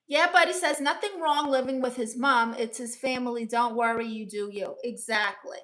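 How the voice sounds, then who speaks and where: A woman's voice: on the high side, moderate pace, fairly bright tone. A woman comedian hosting a casual live stream as a brash aunt, reading viewer comments and giving blunt, teasing advice. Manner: blunt, teasing, playfully sassy.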